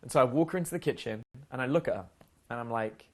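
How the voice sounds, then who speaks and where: Fast-talking and lively in intonation, a man with a mid-range voice takes on the role of a dating coach. He tells his stories casually, in a blunt and profane style, acting out what everyone in them said.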